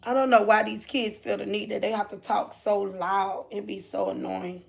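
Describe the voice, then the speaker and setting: A woman's voice: medium pitch, little pitch movement, normal speed, creaky. A woman hosting a casual livestream, chatting with viewers, laughing often and calling them honey and baby. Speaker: livestream host.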